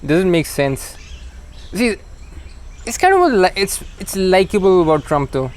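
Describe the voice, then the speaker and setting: Wry chuckling young man, high voice. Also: sing-song, measured pace. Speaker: podcast co-host. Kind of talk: casual comedic chat.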